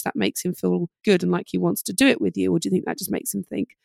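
Fast-talking woman parenting coach, gravelly edge. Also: mid-range voice, no room sound, studio quality. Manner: fast, animated advice with acted-out parent-child dialogue. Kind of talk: podcast interview.

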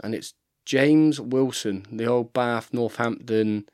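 A man in his thirties, a rugby player, is a podcast guest swapping stories in a casual chat and saying "mate" constantly. His voice is medium in pitch and darkish, and he talks slowly.

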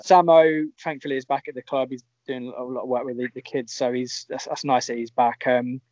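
A man's voice: mid-range voice, fairly even intonation, brisk, a little mellow, dry recording, highs cut off. A man hosting a casual interview, easygoing and reflective as he steers the chat. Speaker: podcast host.

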